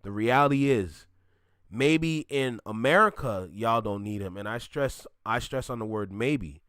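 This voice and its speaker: A man's voice: lowish voice, normal speed, a bit bright, smooth, dry recording. Blunt, ranting man with a dry close sound. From Canada. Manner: blunt, ranting, laughs often. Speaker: reaction video host. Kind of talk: casual reaction commentary.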